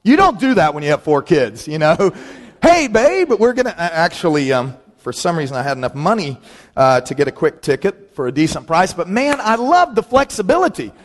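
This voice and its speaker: A middle-aged man, a pastor, telling humorous personal stories in a sermon and acting out friends' voices. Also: a little fast. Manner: storytelling, animated, acts out quoted friends in a higher voice. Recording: long reverb of a large hall.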